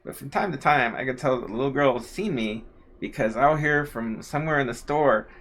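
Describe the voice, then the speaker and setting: A man's voice: medium pitch, fairly quick, a bit bright. A man telling a long, casual story on a livestream, full of fillers and asides. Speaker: co-host, husband of the host.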